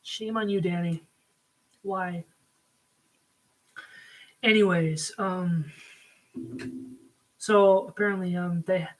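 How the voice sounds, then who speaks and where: A man's voice: high-pitched, a bit bright, poor audio. A man giving a casual spoken review, rambling with frequent ums and likes. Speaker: video reviewer.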